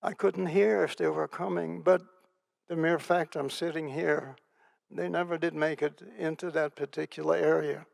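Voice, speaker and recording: A man's voice: fairly high pitch, fairly even intonation, normal speed, creaky. An older man, a survivor, telling his personal story as keynote speaker in an onstage interview, earnest and vivid, repeating phrases for emphasis.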